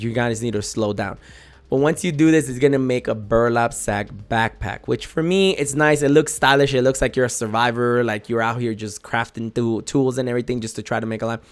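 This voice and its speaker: A man hosting a gaming channel, talking through a casual step-by-step game tutorial in a chatty way and often correcting himself as he goes. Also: medium pitch.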